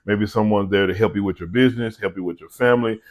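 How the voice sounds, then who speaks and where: A man's voice: on the low side, steady tone, quick pace. A middle-aged man, a vlogger and small business owner, giving an earnest, conversational devotional talk to his viewers.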